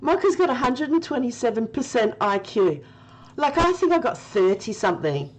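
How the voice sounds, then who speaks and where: A woman's voice: on the high side, very animated, normal speed, low-quality recording. A woman streaming a game live, chatting with her viewers by name and laughing often. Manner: giggly, laughing often and talking to chat by name.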